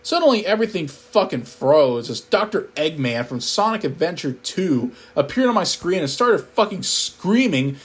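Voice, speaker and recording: Guy narrating a sweary funny creepypasta, deadpan, lively up and down pitch. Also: normal speed, hardly any pauses, breathy edge. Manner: profane, deadpan storytelling. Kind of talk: comedic horror story narration.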